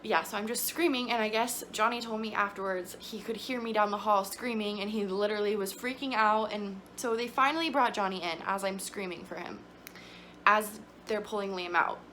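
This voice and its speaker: A young woman vlogs to camera, telling her story in a chatty, emotional way packed with fillers. Her mid-range voice is bright and forceful, and she speaks at a moderate pace. There's a little hiss or hum in the background.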